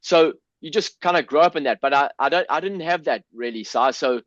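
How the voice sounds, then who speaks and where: A man's voice: on the high side, fairly quick, dry recording. Earnest South African man, dull dry sound. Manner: earnest, emotional, swears, frequent restarts. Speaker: podcast guest. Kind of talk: candid personal storytelling.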